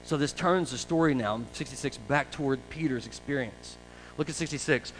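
A man pastor preaching a sermon in a conversational, animated storytelling way. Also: mid-range voice, fairly quick, faint music behind, low-quality recording.

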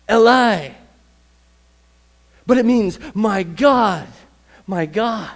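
A man's voice: high-pitched, a little mellow. A man preaching a sermon in a conversational, emphatic way, repeating phrases for stress. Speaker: pastor.

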